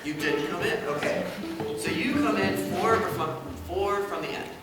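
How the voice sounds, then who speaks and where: A man's voice: high-pitched, unhurried, over loud music. A man conducting an orchestra rehearsal, singing rhythms to demonstrate and checking in with short questions. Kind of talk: rehearsal instruction. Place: large rehearsal hall with orchestra. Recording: distant mic in reverberant hall with orchestra.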